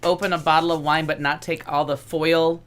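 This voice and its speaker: A chatty woman on a casual podcast, her voice sitting low. She rambles and interrupts herself while telling stories. Soft music plays faintly in the background. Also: little pitch movement, normal speed. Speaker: entertainment news segment presenter.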